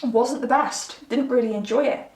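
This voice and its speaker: A woman's voice: fairly high pitch, normal speed, a little mellow, roomy sound, distant mic. A young woman chatting candidly to her viewers while giving a pick-a-card tarot reading. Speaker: tarot reader.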